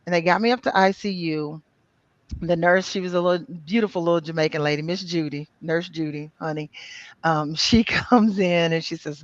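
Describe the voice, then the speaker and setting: A middle-aged woman recounting her own story as an interview guest, animated and full of "you know" and "um" fillers. She acts out the voices of people she quotes. The sound is dry and a bit dull, like a lo-fi recording. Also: on the low side, no echo.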